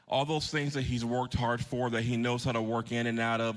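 A man's voice: medium pitch, brisk, few pauses, fairly bright tone. A man in his thirties, a pastor preaching a sermon, telling a personal story with earnest emphasis and putting questions to his congregation. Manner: earnest, shifting pace for emphasis.

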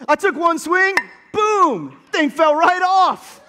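A man preaching a sermon, telling a story and building to shouted exhortation. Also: extremely high pitch, lively intonation, slow pace, few pauses, in a large hall, slight background noise. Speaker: pastor.

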